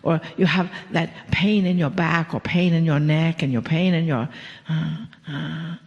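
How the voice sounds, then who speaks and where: A woman with a gravelly, creaky voice delivers a channeled spiritual message, speaking as "we." She talks slowly and soothingly, sinks into breathy whispers and chuckles softly. The sound rings with a long reverb from a live hall. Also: deep voice, steady tone, lo-fi sound. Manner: speaks as a collective "we", slow and soothing, drifts into whispers, chuckles often. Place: live venue with an audience.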